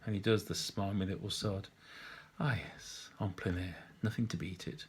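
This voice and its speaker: A man's voice: sits low, fairly even intonation, normal speed, breathy edge. A middle-aged man reading his own story aloud with dry, wry humour. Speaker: author reading his book. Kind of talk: storytelling narration.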